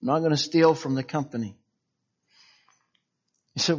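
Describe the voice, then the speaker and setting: Male preacher, folksy conversational sermon, high voice, muffled lo-fi audio. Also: moderate pace. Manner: chatty and conversational, frequent "you know" and chuckles, acts out quoted dialogue. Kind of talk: informal sermon. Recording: dull lo-fi sound.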